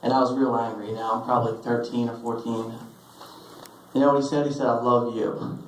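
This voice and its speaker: A young man giving a personal eulogy, telling stories with halting restarts and fillers, recorded on a phone in a funeral hall. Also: medium pitch, level tone, a little hiss or hum. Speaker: eulogy speaker. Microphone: phone recording from the audience.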